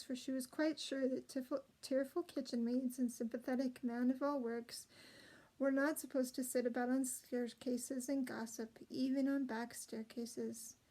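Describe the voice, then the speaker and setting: A woman reading a children's novel aloud, gentle and expressive, with small slips and restarts. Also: high voice, poor audio. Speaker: storybook reader.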